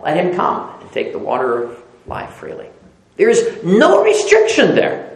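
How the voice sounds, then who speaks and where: A male preacher whose pitch swings widely as he works through scripture, climbing high on the words he stresses. His voice rings in a noticeably echoey room. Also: wildly swooping pitch, normal speed, vocal fry. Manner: reads scripture aloud, then rises in pitch on repeated emphatic words. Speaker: pastor. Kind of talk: sermon.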